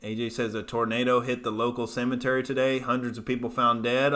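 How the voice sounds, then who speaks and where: A man's voice: medium pitch, flat delivery, quick pace, hardly any pauses, a bit bright. A man in his thirties hosting a comedy livestream, ranting loosely, swearing and reading out chat messages. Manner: profane, ranting, loose and jokey. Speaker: comedian host.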